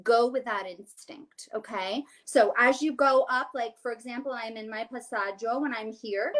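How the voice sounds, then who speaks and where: A woman's voice: fairly high pitch, slow, pauses often, fairly bright tone, soft background music. A woman, a soprano, giving a vocal coaching session over a video call. She explains each exercise and then sings it, with a light, joking touch.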